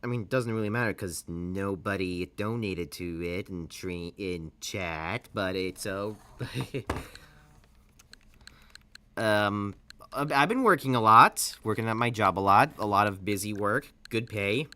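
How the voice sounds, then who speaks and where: A game streamer chatting casually on a livestream, rambling and restarting sentences often, with lively swings in energy. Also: low-pitched, unhurried. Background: game music.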